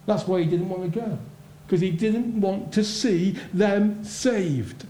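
A man preaching a sermon, emphatic and full of rhetorical questions, his voice swinging between loud and hushed. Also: high-pitched, takes it slowly. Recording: roomy echo.

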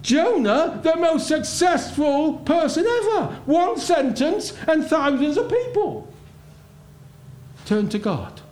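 High-voiced preacher in an echoey hall. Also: male voice, big pitch swings, takes it slowly. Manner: emphatic, rhetorical questions, swings between loud and hushed. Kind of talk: sermon. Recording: roomy echo.

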